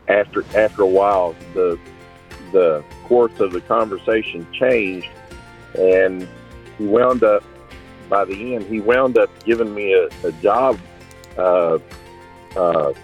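A man calling in to a Christian radio show, telling a heartfelt, rambling testimony with many restarts. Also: deep voice. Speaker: caller. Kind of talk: call-in testimony. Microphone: telephone. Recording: tinny phone line.

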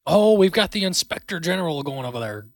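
A man hosting a talk show, giving sarcastic, animated political commentary into a close studio mic. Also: a little high, fast, no room sound.

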